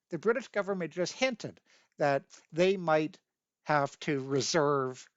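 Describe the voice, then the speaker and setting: A man giving a lecture, deliberately reading out legal sections and stressing key points. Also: fairly high pitch, dry recording, highs cut off. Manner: deliberate, reads statutes aloud, stresses key words. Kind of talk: lecture on constitutional history. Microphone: webcam mic.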